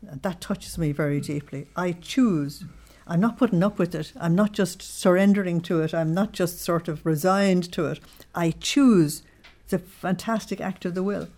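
Woman study leader, somewhat low voice, emphatic devotional reading, slows to stress words. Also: a little mellow. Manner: asks listeners to check their understanding. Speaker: religious study group leader. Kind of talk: devotional teaching with readings aloud.

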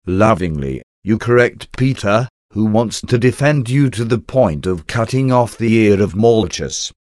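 Man, lowish voice, dry close sound, slow reverent prayer reading in short phrases. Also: no echo. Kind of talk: reading a devotional prayer aloud.

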